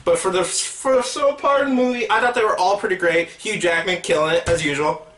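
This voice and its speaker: High-voiced man rambling a movie review. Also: a little fast, a bit bright, roomy sound, far from the mic. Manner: rambling, hesitant, many fillers and restarts. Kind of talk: casual video review.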